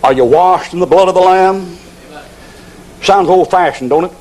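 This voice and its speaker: Folksy, joking preacher with a higher voice. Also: male voice, moderate pace, a little mellow, rough recording. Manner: folksy, humorous, drawling storyteller. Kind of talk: sermon with storytelling.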